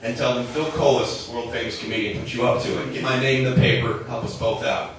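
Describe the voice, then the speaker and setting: A man's voice: mid-range voice, level tone, quick pace, fairly bright tone, slight background noise. A young man from southern Minnesota doing a chatty stand-up set on a bar stage. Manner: conversational, chatty with many likes and rights. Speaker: stand-up comedian. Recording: echoey bar recorded from a distance.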